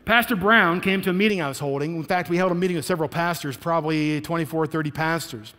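A male pastor preaching a sermon, emphatic and animated, acting out the people in his stories. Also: on the high side, fast, big-room sound. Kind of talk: sermon with storytelling.

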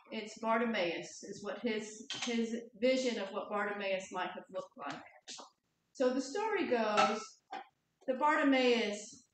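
Woman pastor, slow, relaxed, heard from far off, booming echo. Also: noisy background. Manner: relaxed, conversational. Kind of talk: storytelling sermon. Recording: echoey church hall from far off.

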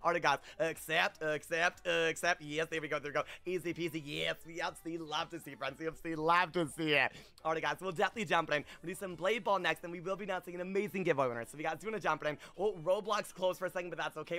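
A young man streaming a game live, chaotic and high-energy, often squealing and laughing as he chats with viewers. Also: bright, forceful tone. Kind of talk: livestream gaming chat.

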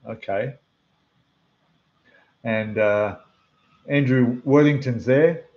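A man with an Australian accent hosting a casual model-building livestream, chatting away to viewers in a slightly rough voice. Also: medium pitch, very slow, dull audio. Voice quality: rough, losing its depth. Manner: chatty, rambling, talks to the chat while building. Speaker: scale model livestream host. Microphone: desk microphone, quieter when turned away.

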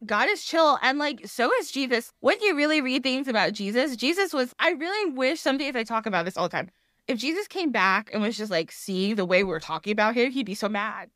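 A woman appears as a podcast guest, chatting casually in a rambling, animated way, laughing often and acting out the voices she quotes. Her voice is high-pitched and brisk, captured in studio quality with no echo.

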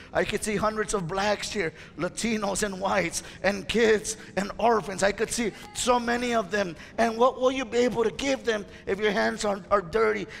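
Male preacher, fervent and exhorting, high gravelly voice, hall reverb. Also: fairly bright tone. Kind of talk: sermon. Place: church sanctuary.

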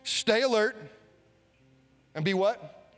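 High-voiced energetic preacher man. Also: takes it slowly, big-room sound. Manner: energetic, leads the congregation in call-and-response. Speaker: pastor. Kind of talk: sermon. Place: church sanctuary.

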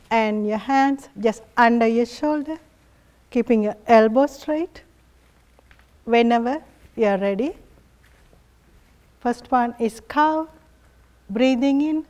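A woman leads a yoga class at an unhurried pace, her voice sitting a little high. She coaxes her students along gently and encouragingly, with frequent soft laughs. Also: muffled recording. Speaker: yoga instructor. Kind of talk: guiding a family yoga class.

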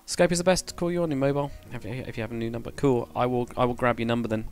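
A man's voice: medium pitch, steady tone, rapid-fire, clear, resonant tone, faint music behind. A man casually chatting on a game livestream, thinking aloud while building and answering chat. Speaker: game streamer.

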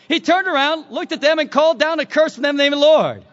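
A male preacher with a very high, bright, forceful voice, delivering a sermon as dramatic storytelling. He swings from shouts down to hushed tones. The recording sounds dull and lo-fi. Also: quick pace.

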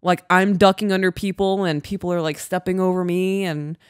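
A woman co-hosting a podcast, telling a story in casual chat, animated, swearing and laughing often. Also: fairly low pitch, a little fast, clean tone, no echo, clean studio sound. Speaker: podcast co-host.

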